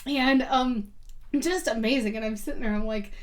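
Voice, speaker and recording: A woman with a high, light voice chats casually as a podcast guest. She tells stories at length, filling gaps with ums and likes, and laughs easily along the way. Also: moderate pace, very noisy. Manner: chatty storyteller, many ums and likes. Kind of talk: casual chat.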